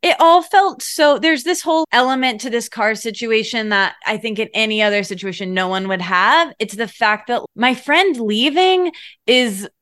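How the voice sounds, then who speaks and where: Bright, chatty woman podcast guest. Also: fairly high pitch, normal speed, dry recording, clean studio sound. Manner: rambling, emotional, frequent "like" fillers. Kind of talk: casual conversation.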